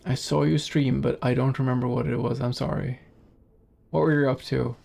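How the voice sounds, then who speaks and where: A man's voice: mid-range voice, steady tone, moderate pace, creaky, darkish tone, soft background music. A man streaming a game in casual commentary, chatting with viewers in a rambling, easygoing way and laughing easily.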